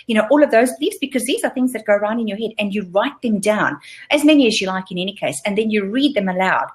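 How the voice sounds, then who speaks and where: A woman's voice: mid-range voice, animated, fast talker. A middle-aged woman coaching in an interview, emphatic and repeating her points for stress. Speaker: guest business coach. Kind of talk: casual interview advice.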